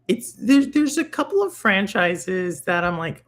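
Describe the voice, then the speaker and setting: A podcast host in casual chat who talks in an animated way, thinking aloud and restarting sentences. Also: medium pitch, unhurried.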